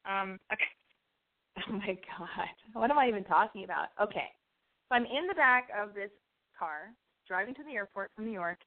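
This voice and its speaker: A woman's voice: medium pitch, lively intonation, normal speed. A young woman hosting an online radio show, telling a story in a rambling, profane, self-interrupting way. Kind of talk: casual rambling monologue. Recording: phone-like narrow band audio.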